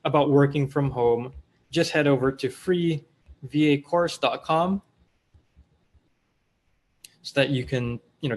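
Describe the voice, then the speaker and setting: Chatty Filipino man hosting a live Q&A. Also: medium pitch. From Philippines. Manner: chatty, loose, many fillers and restarts, mixes in Tagalog. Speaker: host of a live online Q&A. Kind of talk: casual live-stream Q&A, reading viewer comments.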